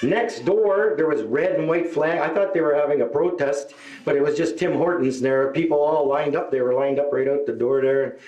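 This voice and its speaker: A man doing stand-up in an echoey live room. His voice sits fairly high for a man. He tells his story in a chatty, rambling way and pushes his voice up when he quotes people. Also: moderate pace, darkish tone. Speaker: stand-up comedian. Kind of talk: stand-up comedy set. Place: live show venue.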